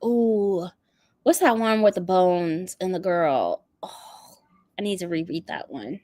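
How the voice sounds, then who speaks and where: A woman's voice: lowish voice, slow, darkish tone, dry recording, clean studio sound. A woman hosting a book channel, chatting casually and animatedly with frequent laughter. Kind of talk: casual livestream chat.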